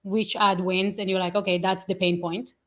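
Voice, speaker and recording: A woman guest in a casual interview, telling stories with lively acted-out quotes and frequent laughs. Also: medium pitch, moderate pace. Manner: animated storyteller, acts out quotes, laughs often.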